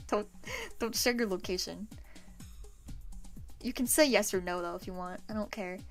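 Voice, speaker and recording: A woman in her twenties chats loosely with her viewers in an ordinary mid-range voice, swearing freely and breaking into laughter often. Soft music plays faintly behind her. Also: medium pitch, measured pace. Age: 20s. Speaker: livestreamer. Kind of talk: casual chat with stream viewers.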